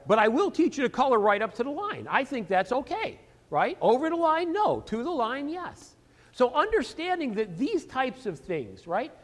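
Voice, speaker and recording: A man giving a sales training seminar, animated and full of rhetorical questions he answers himself. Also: very high voice, in a large hall. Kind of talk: seminar lecture.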